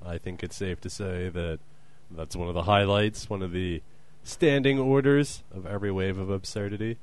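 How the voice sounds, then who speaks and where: A man's voice: low-pitched, normal speed. A man hosting a comedy podcast with dry, exasperated sarcasm. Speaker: podcast host.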